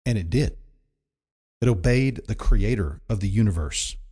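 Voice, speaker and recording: A man's voice: on the low side, expressive, moderate pace, dark tone, slightly rough. Conversational male preacher, emphatic. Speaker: pastor. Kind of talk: sermon.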